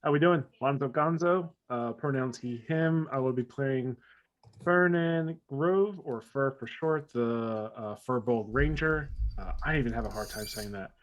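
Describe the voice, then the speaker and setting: A man's voice: mid-range voice, unhurried, lo-fi sound. A man playing a tabletop game, chatting with friends in an easygoing, joking way. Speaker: player. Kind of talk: casual chat with friends.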